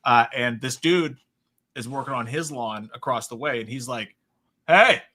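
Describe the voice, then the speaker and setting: A man co-hosts a casual live stream. His voice is very bright and sharp, and he tells his anecdotes with energy, acting out the people he met. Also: medium pitch, moderate pace. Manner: animated storyteller who acts out the people in his stories. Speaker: podcast co-host.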